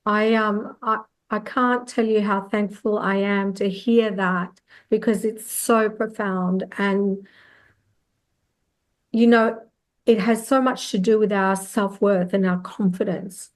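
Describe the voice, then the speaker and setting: A woman, hosting a podcast interview, effusive and quick to affirm her guest. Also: medium pitch, steady tone. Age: 50s. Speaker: podcast host. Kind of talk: interview conversation.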